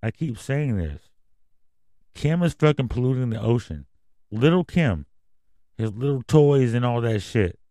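A man's voice: mid-range voice, very animated, a little slow, long pauses, mellow, no room sound. A man hosting a casual news commentary podcast, reading headlines and then going off on profane, rambling rants. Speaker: podcast host.

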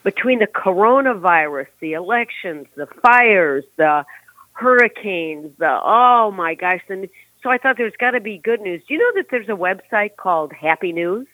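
A man's voice: sits high, lively intonation, moderate pace, no room sound. A man co-hosting a talk show, giving emphatic opinions in casual chat over a phone line.

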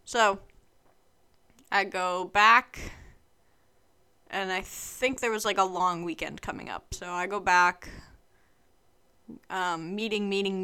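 A woman's voice: on the low side, bright, forceful tone, clean tone. A young woman of about twenty telling a personal story to her vlog audience in a chatty, rambling way full of fillers. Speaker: vlogger.

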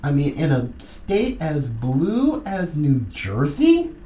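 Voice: mid-range voice, takes it slowly, background noise. A middle-aged podcast host giving a combative, sarcastic political commentary monologue. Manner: combative and sarcastic, lively emphasis. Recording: roomy echoey room.

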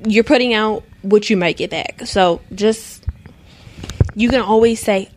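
A woman's voice: mid-range voice, a little slow, darkish tone, a little hiss or hum. A woman co-hosting a casual podcast chat, talking in an emphatic, lecturing way as she hands out advice. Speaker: podcast co-host.

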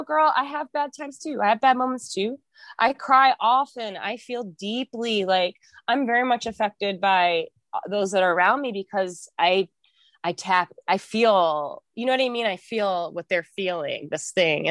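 A woman's voice: fairly high pitch, a bit bright, no room sound. A young woman chatting casually as a podcast guest, talkative and laughing often, with frequent swearing.

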